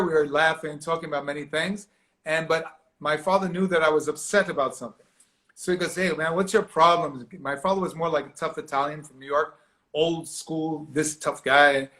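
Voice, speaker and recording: Man, fairly high voice, lively storyteller, acts out voices, video call. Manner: animated, acts out quoted voices, laughs often. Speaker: actor guest. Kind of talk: storytelling interview.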